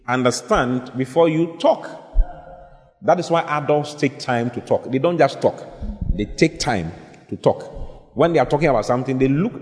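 A man preaching with emphatic repetition, lifting his voice sharply on key lines. His voice sits at an ordinary middle pitch. The sound carries a long hall reverb. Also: darkish tone. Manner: emphatic, repeats phrases, rises sharply to stress points. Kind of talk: sermon.

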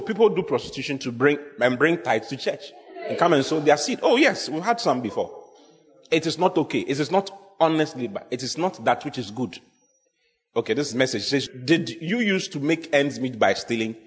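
A pastor preaching a sermon, emphatic and repetitive, often quizzing the congregation. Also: male voice, medium pitch. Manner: emphatic, repeats key phrases, asks the congregation questions. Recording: long hall reverb.

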